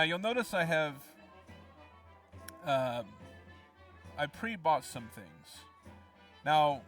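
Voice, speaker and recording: A man's voice: mid-range voice, fairly bright tone. Midwest guy rambling thru a game playthrough, lots of ums, mic kinda far, game music playing. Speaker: let's play narrator. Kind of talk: casual game commentary.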